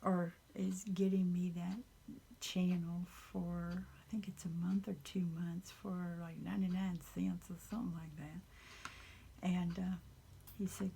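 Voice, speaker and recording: A woman with a Southern accent talks in her home craft room, her voice sitting low and drawn out at an unhurried pace. She drifts in and out of a near-whisper, rambling earnestly with a gravelly fry at the ends of her phrases. A faint hiss sits under the recording. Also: level tone, warm tone. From Southern United States. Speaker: craft channel host. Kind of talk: casual chat.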